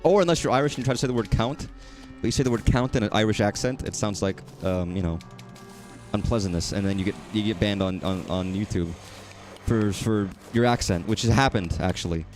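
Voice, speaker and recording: Rambling low-voiced man streaming a game. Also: fairly quick, darkish tone, faint music behind. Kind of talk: casual gaming commentary.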